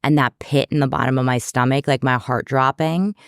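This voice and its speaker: A woman from New York, a podcast guest and therapist, telling candid stories in an animated, self-deprecating way. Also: rumbling low, a little fast, clear, resonant tone, dry recording, clean studio sound. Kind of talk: candid storytelling in conversation.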